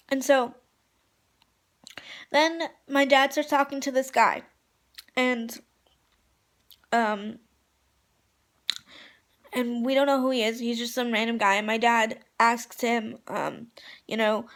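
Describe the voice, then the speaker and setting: A young woman telling a gushing, excitable story in a casual vlog, full of fillers. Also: fairly high pitch, normal speed, pauses often. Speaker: vlogger.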